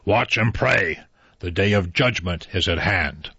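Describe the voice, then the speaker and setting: A man's voice: sits low, lively intonation, measured pace, creaky, bright, forceful tone, slightly rough, no room sound, heavily acted. A man voicing an old drunken male train passenger who mumbles plaintive, solemn warnings, in a dull, dry recording.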